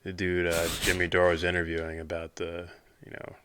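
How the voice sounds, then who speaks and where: Deep-voiced man, laid-back podcast chat. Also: monotone, brisk, a bit bright, clean tone. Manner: laid-back, self-mocking, swears casually. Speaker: podcast co-host. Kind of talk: casual chat.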